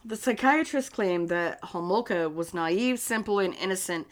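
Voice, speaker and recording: A woman's voice: mid-range voice, moderate pace, noisy background. A young woman co-hosting a casual podcast, swearing a lot and breaking into laughter while reading a true-crime story. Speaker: podcast co-host.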